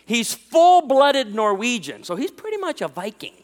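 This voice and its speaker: A man in his thirties preaching a sermon, telling stories with jokes in an animated way. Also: very high-pitched, normal speed, in a large hall, a little hiss or hum. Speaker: pastor.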